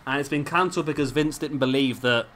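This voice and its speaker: A man's voice: mid-range voice, fast talker, a bit bright, a little hiss or hum. Rambling man commentating a game. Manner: rambling, chatty, self-deprecating asides. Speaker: gameplay commentator. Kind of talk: casual let's-play commentary. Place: at home, drinking beer while recording.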